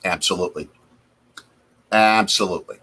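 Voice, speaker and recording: A man's voice: deep voice, moderate pace, bright, forceful tone, husky. A man from Wisconsin hosting a casual live chat over a football game from his home basement, reacting aloud to plays. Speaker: host.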